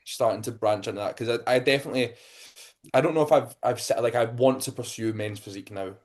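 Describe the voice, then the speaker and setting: A man's voice: mid-range voice, fast talker. A man with an Irish accent co-hosting a podcast as a physique coach, speaking hesitantly with many ums and restarts. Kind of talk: casual chat.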